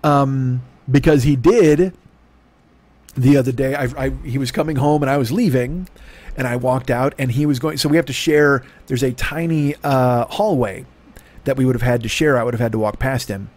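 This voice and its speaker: A man's voice: medium pitch, normal speed, darkish tone. A man hosting a podcast from his home desk, telling a rambling comic story full of swearing. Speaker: podcast host. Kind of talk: profane comic monologue.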